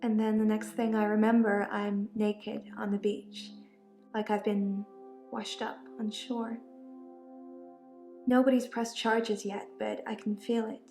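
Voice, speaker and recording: A woman voicing an odd young patient with blackouts, speaking calmly and unbothered, in echoey game audio. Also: mid-range voice, a little slow, soft background music, lightly acted.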